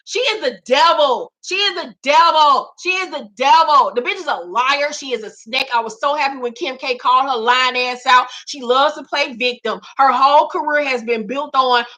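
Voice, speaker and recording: High, bright-voiced woman ranting. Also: moderate pace, hardly any pauses. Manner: profane, emphatic, repeats lines for effect. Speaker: vlog host. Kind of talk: celebrity gossip rant.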